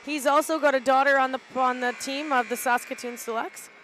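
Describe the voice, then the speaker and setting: Up on the balcony overlooking the ice rink, a team parent does volunteer live commentary on the game. The middle-aged woman speaks high and unhurried, chatting relaxedly with hesitant fillers, while a faint arena hum sits behind her.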